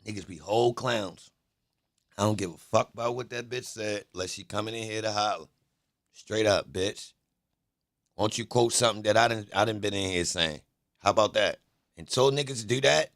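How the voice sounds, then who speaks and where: Low gravelly man ranting on a stream. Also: fairly bright tone, dry recording, clean studio sound. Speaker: livestream host. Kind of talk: heated livestream commentary.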